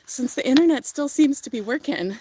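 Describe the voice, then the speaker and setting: A woman's voice: sits high, lively intonation, fairly quick, warm tone, a little hiss or hum. A young woman livestreaming from outdoors on her farm, talking in a gushing, chatty way with fillers and laughs. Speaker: livestream host. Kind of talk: casual livestream tour.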